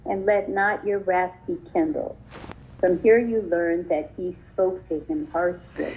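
A woman's voice: fairly low pitch, a little slow, a little mellow. A woman in an online class reading a scripture passage and commentary carefully aloud. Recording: dull, distant call audio with faint hiss.

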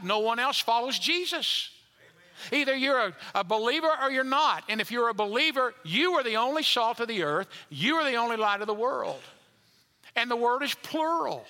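A man's voice: very high-pitched, bright, forceful tone, big-room sound. A man preaching a sermon as pastor, emphatic and repetitive, building in intensity.

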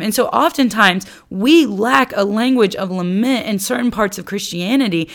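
A woman teaching on lament in a sermon, earnest and emphatic, dropping to a soft, low voice when she speaks prayers aloud. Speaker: Bible teacher.

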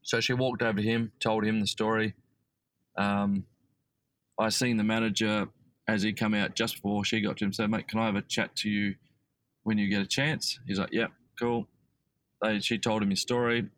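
A man's voice: on the low side, level tone, normal speed, fairly bright tone, dry recording, rough recording. A man with an Australian accent, a podcast guest telling a long story casually, rambling with many fillers and restarts.

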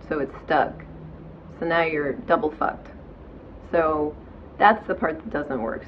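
Talking from her bed, this podcast host gives candid, chatty self-help advice and swears casually. Her voice is on the low side, and the lo-fi recording has a little hiss or hum.

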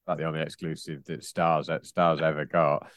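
A man's voice: extremely low pitch, little pitch movement, brisk, no room sound, studio quality. A man co-hosting a casual football podcast, rambling and teasing his co-host with frequent laughs.

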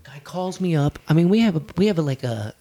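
A man, a comedian guest, telling a story in casual chat, swearing and swinging his voice up and down for emphasis. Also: fast. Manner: animated, profane storytelling with big swings in pitch.

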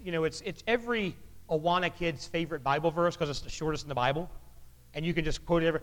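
A man preaching a sermon in a chatty, joking way, his pitch jumping up when he gets animated, in an echoey church hall. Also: fast. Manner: conversational and joking, with lively pitch jumps. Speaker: pastor.

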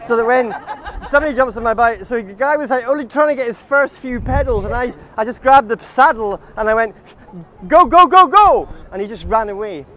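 This man's voice is very high-pitched, a bit bright, and moves at a quick pace. He's a comic tour guide taking a walking group down a city street outdoors, calling them guys while telling chatty, absurd comic tales.

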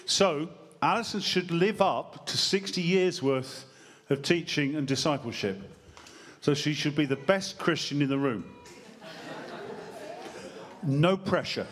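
A man preaches to his congregation, his voice sitting a little high for a man. He is lively and jokes as he goes, quizzing the people in front of him. He speaks into a handheld mic in a church. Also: measured pace. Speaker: pastor. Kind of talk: sermon. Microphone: handheld microphone.

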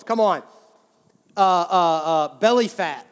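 A man's voice: sits high, moderate pace, clear, resonant tone, long reverb tail. A man, a pastor delivering a sermon in a large church, speaking in a humorous, conversational way and repeating phrases for emphasis.

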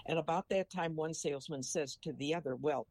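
A man's voice: a little high, fairly quick, darkish tone, no room sound. A man in his eighties from Missouri, chatting in a folksy way and telling an old joke that leads into a moral. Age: 80s. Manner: folksy storyteller who ends a joke with a moral. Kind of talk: casual chat.

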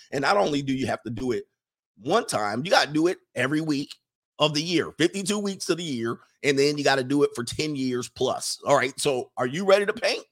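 Animated man mocking in impressions. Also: on the high side, fairly quick. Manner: colloquial, repeats "all right". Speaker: commentator. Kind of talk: casual monologue.

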